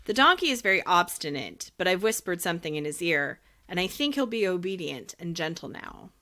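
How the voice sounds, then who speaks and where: A woman voicing a sly, flattering little man who drives a coach in a storybook reading. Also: lowish voice, fairly quick. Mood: coaxing.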